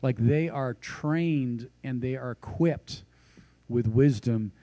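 Male preacher, conversational sermon delivery with asides, warm mellow tone, dry recording. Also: mid-range voice, takes it slowly, no echo. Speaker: pastor.

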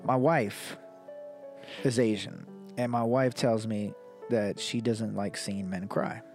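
A man's voice: fairly low pitch, steady tone, slow pace, darkish tone, faint music behind. A man co-hosting a casual comedy podcast, swearing freely, laughing often and reading stories aloud. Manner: profane, laid-back, laughs often.

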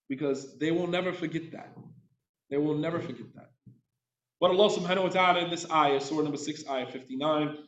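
A man's voice: on the high side, recorded from a distance. A man giving an Islamic lecture to a live audience, passionate and emphatic, reciting Arabic verses and translating them. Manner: passionate, emphatic, call-and-response asides. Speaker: religious teacher. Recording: echoey, slightly dull room recording.

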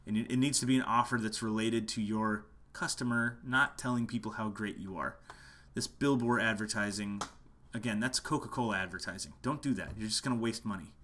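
A man with a lowish voice and a bright, forceful edge talks through a marketing lesson. He is passionate and emphatic, driving each point home by saying it again. It is a casual talk, recorded at home in the late hours. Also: fairly quick. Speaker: musician teaching online marketing.

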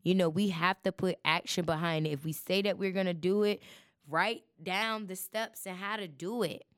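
A woman's voice: on the low side, steady tone, moderate pace, clear, resonant tone, no room sound, clean studio sound. A woman hosting her podcast in a chatty, preachy way, talking straight to her listeners. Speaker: podcast host. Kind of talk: casual chat.

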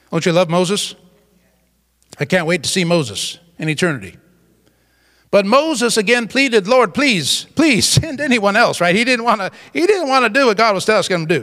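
A man's voice: sits high, a bit bright, long reverb tail. A man preaching a sermon as pastor, emphatic and exclamatory.

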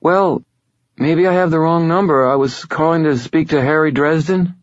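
A man's voice: a little high, moderate pace, dry recording, lo-fi sound, pitched above the performer's own voice, close to an everyday voice. A man voicing a shy, hesitant young woman speaking on the phone in an audiobook.

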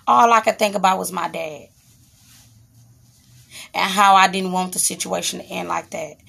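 A woman's voice: fairly low pitch, steady tone, normal speed, creaky, a bit bright. A woman vlogger telling a personal story in a candid, rambling, profane way, breaking off now and then to scold her child. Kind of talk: casual storytime monologue.

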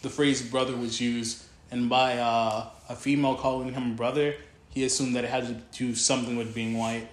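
A man's voice: mid-range voice, level tone, moderate pace, echoey room. A man explaining matter-of-factly in casual conversation. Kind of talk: casual chat.

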